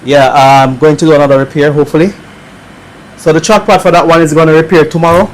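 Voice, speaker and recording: A man's voice: a little high, fast, a little hiss or hum, rough recording. Easygoing Jamaican man chatting on a live stream. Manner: relaxed, answers viewer chat aloud, chuckles often. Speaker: livestream host repairing laptops. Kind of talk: casual live-stream chat.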